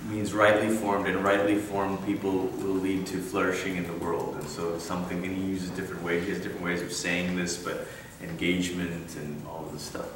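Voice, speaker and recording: A man's voice: low voice, level tone, fairly quick, hardly any pauses, noisy background. A man giving a church conference talk to a room, conversational and wry, often breaking off for asides. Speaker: conference speaker. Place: large room. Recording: echoey room, mic at a distance.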